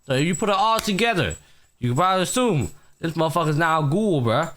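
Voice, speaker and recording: Pitched on the high side and quick, a male podcast host recaps anime episodes on his casual show. He swears heavily, tells the story with animation, and performs the characters' dialogue.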